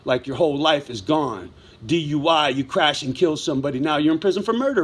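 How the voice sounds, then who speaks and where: A man's voice: fairly high pitch, animated, fairly quick, husky. A middle-aged man telling a story in a casual vlog monologue, blunt and heavy with swearing, wound up as he talks. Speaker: vlogger.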